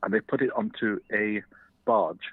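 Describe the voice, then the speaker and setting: A man from London phoning in to a show, telling an anecdote in a steady, slightly halting way. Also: on the low side, breathy edge, dry recording. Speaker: caller. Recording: dry, tinny phone line.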